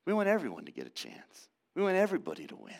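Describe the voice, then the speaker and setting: A man's voice: medium pitch, wildly swooping pitch, rapid-fire, creaky, darkish tone. A man in his forties preaching a sermon, mixing earnest teaching with conversational family stories and prayer. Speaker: pastor.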